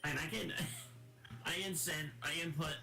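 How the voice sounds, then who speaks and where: A man's voice: on the high side, steady tone, a little slow, vocal fry. A man streaming a game, chatting casually and joking with friends in rambling banter. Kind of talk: casual chat while gaming. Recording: roomy echo with game music.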